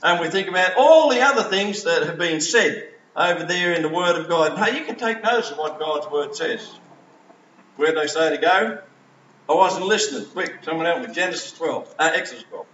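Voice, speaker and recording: High-voiced man preaching in an echoey hall. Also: animated, normal speed, fairly bright tone, recorded from a distance, highs cut off, slight background noise. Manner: conversational storytelling, acts out quoted voices. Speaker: preacher and school teacher. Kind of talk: sermon.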